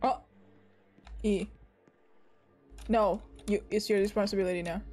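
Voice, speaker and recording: A young woman streaming a video game, chatting casually and often yelling and laughing at what happens on screen. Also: medium pitch, fairly even intonation, measured pace. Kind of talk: casual gameplay commentary. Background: game music.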